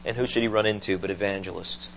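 Male preacher telling sermon stories with animated delivery, dull low-fi church recording. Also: fast, gravelly, slight background noise. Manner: animated storytelling, rising to loud acted quotes.

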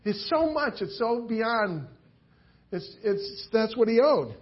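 A man's voice: very high voice, big pitch swings, slow, dull audio. A male preacher giving a sermon, talking animatedly and acting out the story in different voices.

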